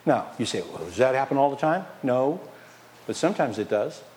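A man preaching a sermon as pastor, lively and conversational, firing questions at the congregation and dropping from loud emphasis to near whispers. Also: mid-range voice, brisk. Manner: animated, questions the congregation, swings from loud to quiet; playfully mocks excuses in a whiny put-on voice.

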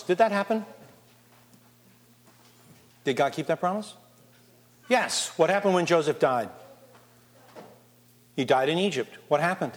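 A man preaching a sermon, reading scripture and putting lively questions to his congregation. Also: fairly high pitch, unhurried, pauses often. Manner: animated, asks the congregation questions. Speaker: pastor. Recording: long reverb of a large hall.

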